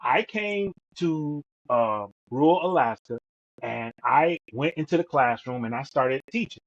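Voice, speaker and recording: A man's voice: mid-range voice, expressive, unhurried. A middle-aged man co-hosting a podcast, telling stories emphatically and repeating words as he goes. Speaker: podcast co-host. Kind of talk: storytelling in conversation. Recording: dull lo-fi sound.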